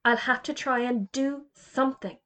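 A woman's voice: sits high, moderate pace, a bit bright, pitched above the performer's own voice. A woman reading aloud, voicing a kindly, patient male schoolteacher who is a magician. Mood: earnest. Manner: patient, mildly fretful.

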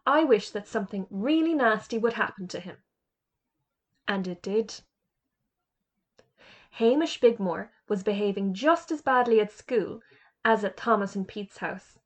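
A woman reading a children's storybook aloud in a clear, measured way. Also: mid-range voice.

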